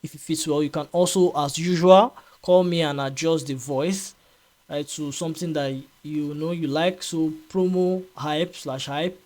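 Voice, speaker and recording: A man explains software in a casual screen-recorded tutorial, his voice sitting a little higher than most men's. He talks in a loose, repetitive way, filling gaps with "um" and checking in with "right?". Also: fairly even intonation, unhurried. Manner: chatty, repeats himself, frequent fillers and "right?" checks. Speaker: tutorial host.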